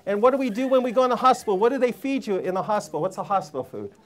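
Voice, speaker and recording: A man's voice: high voice, lively intonation, rapid-fire. A man giving a live seminar talk to a room full of people, emphatic and preachy, firing rhetorical questions at the audience. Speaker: health seminar speaker.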